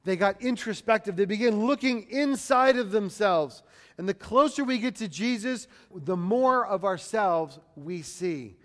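A man delivers a sermon in a high, light voice, moving from quiet reflection to loud, declaiming scripture readings. He acts out the people he quotes as he goes. His voice carries a long reverb, as if in a large hall. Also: animated, measured pace. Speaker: preacher.

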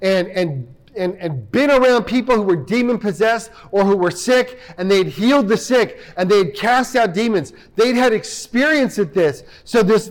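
A man preaching a sermon, retelling a story and acting out the dialogue, often repeating words as he goes. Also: sits high. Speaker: pastor.

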